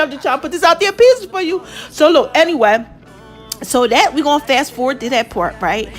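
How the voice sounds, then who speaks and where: A chatty woman host speaks, her voice riding high as she recaps a TV episode. She jumps into the characters' lines with animated delivery, and faint music plays underneath. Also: a little fast. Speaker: podcast host.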